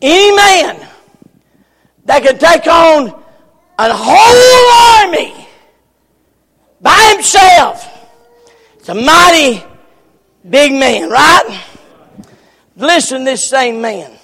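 A man preaches in a slow, drawn-out way. His voice sits very high for a man and has a gravelly edge. He repeats his phrases and rises into sudden shouts, and his words echo with a long tail through a large church hall. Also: sing-song. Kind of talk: sermon.

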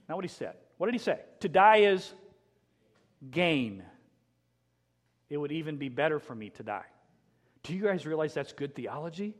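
A middle-aged man preaching a sermon, telling a personal story with emotion and dropping to a hushed voice at tender moments. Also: on the high side, in a large hall. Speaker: pastor.

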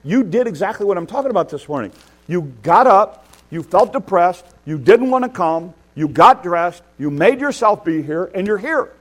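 A man's voice: high-pitched, animated, normal speed. A man preaching a sermon in an earnest, conversational way, building emphasis as he makes his points. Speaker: pastor. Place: church.

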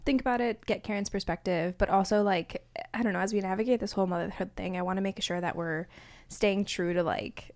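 A woman co-hosting a podcast, leading the questions in a relaxed, conversational way. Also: medium pitch, fairly quick. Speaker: podcast co-host. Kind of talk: casual chat.

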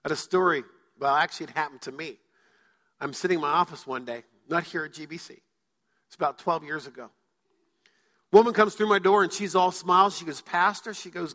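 A man's voice: on the high side, brisk, sharp tone. A male pastor preaching a sermon to his church, telling stories and acting out quoted voices. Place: church sanctuary. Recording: church hall reverb.

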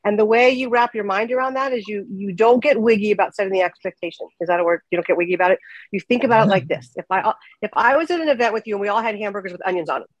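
Folksy woman co-host who rattles along at a brisk clip, recorded close and dry with no room sound. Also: mid-range voice, no room sound, muffled recording. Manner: folksy, quick storytelling. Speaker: podcast co-host. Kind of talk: casual chat.

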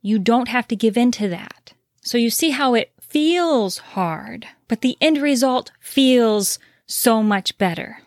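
A woman's voice: a little high, lively intonation, slow pace, no echo, clean studio sound. A woman giving earnest, reassuring relationship advice, repeating key points for emphasis. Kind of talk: direct-to-camera advice talk.

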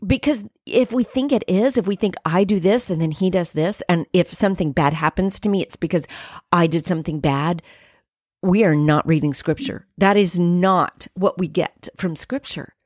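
A middle-aged woman from the United States hosting a faith podcast, telling a personal story earnestly and dropping to soft whispers at times. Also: lowish voice, normal speed, no echo, studio quality. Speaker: podcast host.

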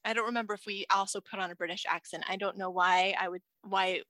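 A woman's voice: medium pitch, fairly even intonation, fast talker, sharp tone, no room sound. A woman co-hosting a podcast in casual chat, talking chattily with many fillers and restarts. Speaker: podcast co-host.

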